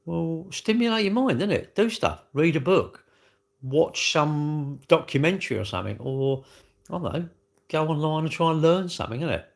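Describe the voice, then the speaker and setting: A man's voice: on the high side, creaky. A British man chatting casually on a livestream, rambling animatedly with slang as he answers viewers' comments. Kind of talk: casual live-stream chat.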